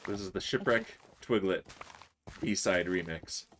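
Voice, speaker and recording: A man's voice: sits low, measured pace, fairly bright tone, a little hiss or hum. A man streaming a building game, chatting casually, teasing his friends and chuckling often as he reads chat aloud.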